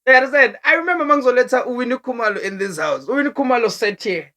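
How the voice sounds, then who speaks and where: A young woman vlogger with a South African accent tells a story casually and animatedly, laughing often and switching languages mid-sentence. Her voice is on the high side and very fast.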